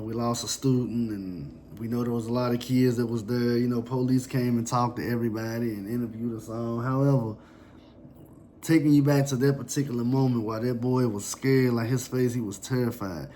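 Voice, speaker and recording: A man telling a personal story in a somber, reflective, halting way. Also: mid-range voice, warm tone, slight background noise.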